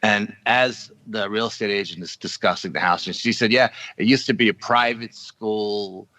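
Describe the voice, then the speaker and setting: Bright-voiced man telling a story. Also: on the low side, normal speed, no room sound, rough recording. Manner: animated storytelling with acted-out quotes. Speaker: paranormal investigator guest.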